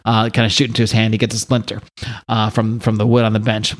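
A man's voice: lowish voice, monotone, fast. A man co-hosting a comic book podcast, casually recapping panels with chuckles. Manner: laid-back, chuckling, rambling retelling. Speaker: podcast co-host.

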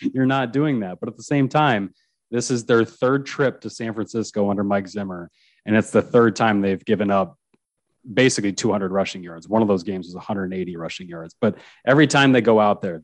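Low-voiced man talking sports. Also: no echo. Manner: conversational, frequent restarts and chuckles. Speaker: sports reporter guest. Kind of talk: casual sports chat.

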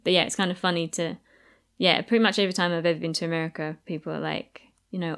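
A woman's voice: fairly low pitch, steady tone, quick pace, fairly bright tone, smooth. A woman from Essex with an Essex English accent, co-hosting a casual podcast chat and laughing often. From Essex, England. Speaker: podcast co-host.

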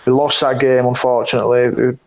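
Man, twenties, interview guest, rambling casual stories, laughs a lot, average pitch. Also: flat delivery, brisk, a little hiss or hum, low-quality recording. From England. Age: 20s. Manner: rambling, laughs often, many fillers. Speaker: guest rugby player. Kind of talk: casual anecdote-telling.

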